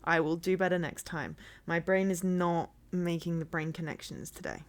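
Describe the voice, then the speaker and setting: A woman's voice: fairly low pitch, expressive, normal speed. A woman streaming from home, chatting casually with her viewers, rambling, laughing often and humming bits of songs.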